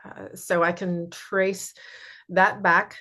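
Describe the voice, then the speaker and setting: A woman with a fairly low voice co-hosts a relaxed podcast. She chats in an easygoing way and reads passages aloud. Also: slow pace. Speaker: podcast co-host. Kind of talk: casual chat and reading aloud.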